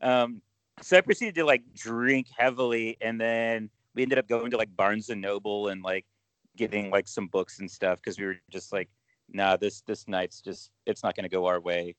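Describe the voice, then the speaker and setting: A man's voice: on the low side, steady tone, normal speed, fairly bright tone, clean tone, no room sound, rough recording. A man co-hosting a casual podcast chat in a laid-back, teasing way. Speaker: podcast co-host.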